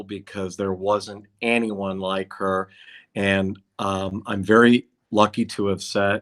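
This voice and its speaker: Low, bright-voiced man telling stories. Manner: animated, acts out dialogue in quotes. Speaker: concert promoter, podcast guest. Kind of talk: anecdotal storytelling in conversation.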